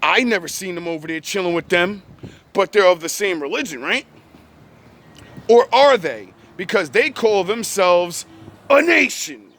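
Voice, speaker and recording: A man ranting heatedly to camera from his car, swearing often and raising his voice to shouts. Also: sits high, lively intonation, a little slow. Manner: angry, swearing, rising to shouts. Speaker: vlogger. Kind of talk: heated profane rant.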